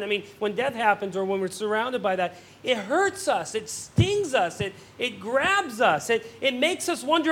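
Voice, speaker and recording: A male pastor preaching a sermon, earnest, swelling on emphatic questions and dropping soft on somber points, often repeating words as he restarts phrases. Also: very high-pitched, expressive, moderate pace, few pauses.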